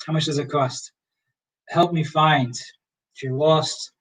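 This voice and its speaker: A young man teaching as a history professor in a casual livestream lecture, relaxed and rambling with many fillers. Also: a little high, unhurried, pauses often, distant mic, poor audio.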